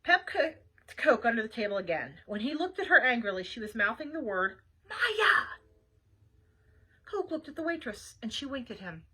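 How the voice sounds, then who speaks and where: Lively woman librarian for a kids' read-aloud, high and bright, talks straight to the kids. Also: a little fast, husky, poor audio. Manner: chatty asides to young listeners. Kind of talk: reading a children's book aloud.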